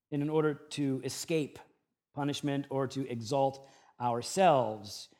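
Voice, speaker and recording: A pastor in his thirties preaching a sermon, with a humorous storytelling manner and lively shifts. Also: fairly high pitch.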